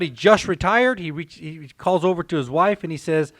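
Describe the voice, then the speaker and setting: A man hosting a casual podcast, telling a story in an animated way. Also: fairly high pitch, normal speed, few pauses, no echo, clean studio sound. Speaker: host.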